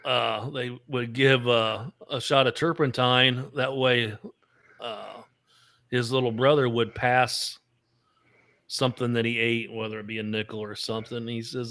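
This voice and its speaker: A man's voice: mid-range voice, steady tone, unhurried, a bit bright. A man co-hosting a casual podcast, reading out trivia and telling rambling jokes. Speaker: podcast co-host. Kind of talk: casual chat.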